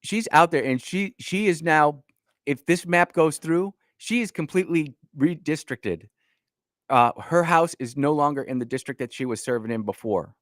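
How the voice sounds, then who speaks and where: A man's voice: a little high, normal speed, no echo, clean studio sound. A man hosting a political talk radio show, speaking in a folksy, emphatic way with frequent restarts, from Northern Illinois. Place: radio studio.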